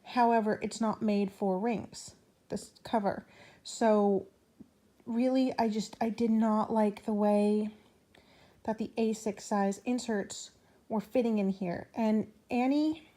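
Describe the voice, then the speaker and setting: A woman's voice: mid-range voice, steady tone, slow pace, dark tone. A young woman chatting casually in a rambling way with fillers and restarts, out of breath and hiccuping. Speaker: planner vlogger. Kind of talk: casual chat.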